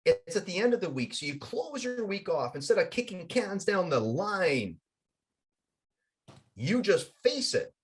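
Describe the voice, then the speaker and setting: An energetic, emphatic man on a podcast, his voice a bit high and swinging widely in pitch. He tells stories and makes his points with vivid, animated emphasis. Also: measured pace. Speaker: podcast guest and coach. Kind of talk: animated storytelling and plugs.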